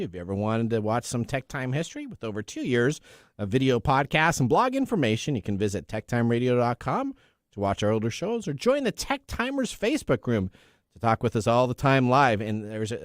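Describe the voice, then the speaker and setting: A man's voice: mid-range voice, no room sound, studio quality. A man hosting a tech radio show, chatty, jokey and upbeat in casual banter. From US Pacific Northwest.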